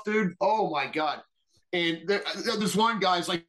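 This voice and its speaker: A man with a fairly high voice swaps rowdy stories as a podcast guest, loose and profane. He acts out other people's lines as he goes. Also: normal speed. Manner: animated, profane, mimics others in quotes. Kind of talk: casual storytelling.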